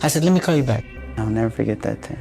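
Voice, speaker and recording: Gravelly man telling a tense story. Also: lowish voice, rapid-fire. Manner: profane, animated, re-enacts phone calls. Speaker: interviewee telling his story. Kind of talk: podcast interview recollection. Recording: podcast clip with music underneath.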